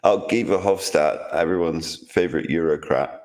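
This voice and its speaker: A man talks casually on a podcast, making sardonic asides as he reads posts aloud. His voice sits very low. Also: normal speed, darkish tone. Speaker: podcast co-host.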